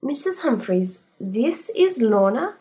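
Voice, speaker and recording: A woman voicing a polite, brisk private detective in her thirties. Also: fairly high pitch, very animated, warm tone, slightly rough, pitched above the performer's own voice, heavily acted. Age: 30s.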